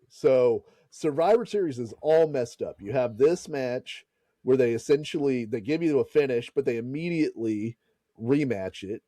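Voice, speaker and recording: A man's voice: mid-range voice, dark tone, no room sound. A man hosting a podcast, casually retelling a story and laughing and swearing as he goes. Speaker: podcast host.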